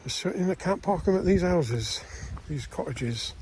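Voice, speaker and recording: A man's voice: high voice, lively intonation, moderate pace, background noise. Chatty older man walking outdoors. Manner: chatty, rambling with restarts. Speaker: vlogger. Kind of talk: casual walking commentary. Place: outdoors in countryside.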